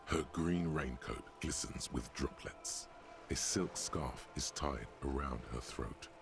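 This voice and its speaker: An actor voicing a stern game narrator, describing scenes in a measured, dry, gravelly manner. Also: male voice, very deep voice, over music, full character voice. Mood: terse.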